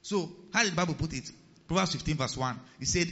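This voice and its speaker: Lively preacher man. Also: a little high, fast talker, big-room sound, lo-fi sound. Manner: lively, humorous, acts out quotes. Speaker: pastor. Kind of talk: sermon.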